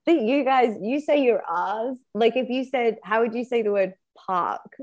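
A woman's voice: on the high side, normal speed, a little mellow, highs cut off. A woman chatting as a guest on a comedy podcast, playful and teasing, often laughing. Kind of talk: casual comedic chat.

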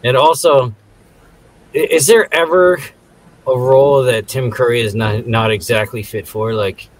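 A man's voice: mid-range voice, steady tone, a little slow, rough recording. A man co-hosting a casual movie review podcast, laughing and acting out scenes in silly voices. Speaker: podcast co-host.

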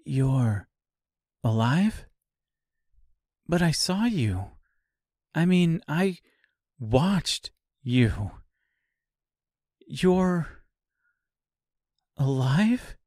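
A stunned young woman in a storybook reading, pitched up and a little hushed, firing off incredulous questions, as a male narrator puts her on. The sound is dry and close. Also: very animated, very slow, pauses often, dry recording, exaggerated voice. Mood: bewildered. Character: young woman, bewildered and overwhelmed. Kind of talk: audiobook character reading.

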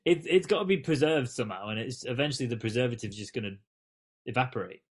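A British man on a casual podcast, his voice pitched in the middle range. He needles his co-hosts in rough, sweary banter. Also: fast talker. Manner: teasing, profane banter. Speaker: podcast co-host. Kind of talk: casual recap chat.

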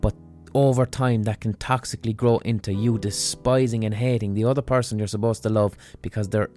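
A man's voice: lowish voice, fairly even intonation, fairly quick, dark tone, faint music behind. Blunt sweary man. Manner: blunt and profane. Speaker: podcast host. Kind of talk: casual explanatory monologue.

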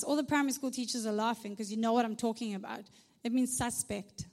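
A woman preaching in a large church hall, her somewhat high voice carrying a long reverb tail. She talks to the room in a chatty, conversational way, punctuating points with "right?" and dropping in humorous asides. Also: steady tone, quick pace, darkish tone. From South Africa. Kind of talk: conversational sermon.

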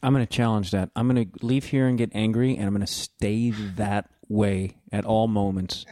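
A man's voice: on the low side, steady tone, moderate pace, warm tone, no room sound, clean studio sound. A man talking as a guest on a podcast, casual and joking, swearing now and then. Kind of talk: casual conversation.

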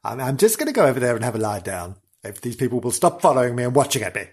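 A man's voice: medium pitch, very animated, very fast, breathy edge. A man voicing a hungover, scatterbrained middle-aged woman who giggles and rambles in a comic monologue. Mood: dazed, giggly.

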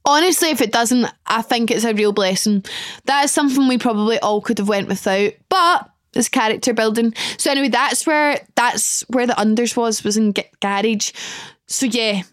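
Young Scottish female podcast host, chatty and self-mocking, slightly high pitch, dry mic. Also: moderate pace, no echo. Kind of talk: casual solo chat.

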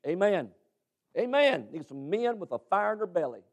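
High-pitched fervent preacher man. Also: big pitch swings, a little fast. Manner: fervent exhorting, swinging from loud urging to quiet asides, repeated amens. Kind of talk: sermon.

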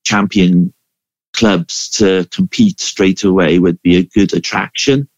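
A man's voice: low-pitched, fairly even intonation, takes it slowly, dry recording. A Welsh man calling in to a podcast, talking through his idea thoughtfully. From Wales. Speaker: caller. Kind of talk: phone-in chat. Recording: dull phone-line call.

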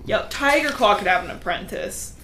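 A woman's voice: mid-range voice, expressive, a bit bright, a little hiss or hum. A woman co-hosting a podcast, casually recapping a book and briefly acting out the characters' lines. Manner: quick retelling with brief acted-out cat voices. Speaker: podcast co-host.

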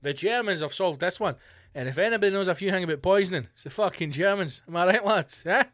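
A man with a slightly high voice rants through a solo comedy podcast, swearing freely and jumping between mock outrage and sarcastic jokes. His voice sits close and dry against the mic, and faint music plays underneath. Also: fast, no echo. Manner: profane, animated, mocking asides. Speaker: podcast host. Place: home studio bunker.

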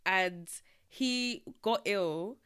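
A woman's voice: mid-range voice, very slow, clear, resonant tone. Laughing woman podcast co-host. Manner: laughing, expressive retelling. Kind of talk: casual chat.

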